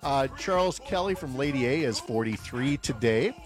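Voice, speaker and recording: A man's voice: medium pitch, animated, normal speed. A man in his fifties hosting a radio morning show, chatting casually and joking with fillers. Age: 50s. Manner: chatty, jokey, loose with fillers.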